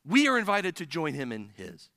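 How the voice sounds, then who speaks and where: A man's voice: fairly high pitch, wildly swooping pitch, moderate pace, pushed and bright, dry recording, clean studio sound. A man preaching a sermon in church, earnest and building to emphatic points.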